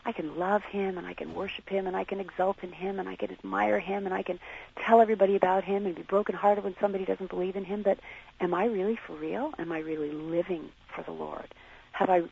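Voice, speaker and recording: A woman being interviewed on the radio, talking in a halting, searching way and questioning herself as she reflects. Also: mid-range voice, steady tone, vocal fry, phone-quality sound, a little hiss or hum. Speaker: interview guest.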